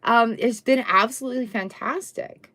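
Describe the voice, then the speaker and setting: A middle-aged woman with a somewhat high voice hosts a casual live tarot reading. She talks in a chatty, upbeat way and throws in quick exclamations as she turns the cards. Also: fairly bright tone. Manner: chatty, upbeat, exclamations and little sung bits. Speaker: tarot reader hosting a live stream.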